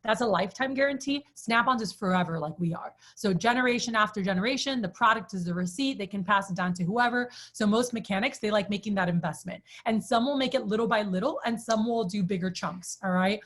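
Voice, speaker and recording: A woman's voice: mid-range voice, fairly quick, few pauses, a bit bright. A woman giving a casual sales training talk to a group, telling stories in a chatty way with many fillers and asking the group questions.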